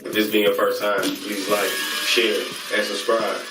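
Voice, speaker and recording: Male vlog host, excitable and chanting, roomy distant mic with music bed. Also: on the low side, unhurried. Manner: excitable, chants call-and-response catchphrases. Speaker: host reviewing online comedy channels. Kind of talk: casual hyped-up vlog shout-outs.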